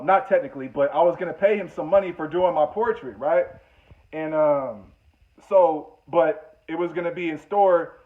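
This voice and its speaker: A man casually telling a personal story, conversational and full of restarts. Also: sits high. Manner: conversational, many fillers and restarts. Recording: tinny phone-like audio.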